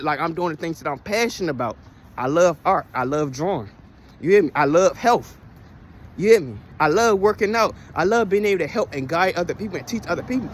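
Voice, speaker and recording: High-voiced man preaching self-help. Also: breathy edge. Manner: preachy, repetitive, profane, rhetorical questions. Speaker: spiritual vlogger. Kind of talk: casual motivational monologue.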